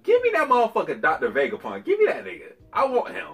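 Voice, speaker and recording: Guy doing a cocky villain shogun, voice jacked way up high, slangy and swearing. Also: wildly swooping pitch, fast, gravelly, fairly bright tone, faint music behind, full character voice. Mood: demanding. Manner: cocky, slangy, profane demands. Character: arrogant, brash male villain shogun bargaining.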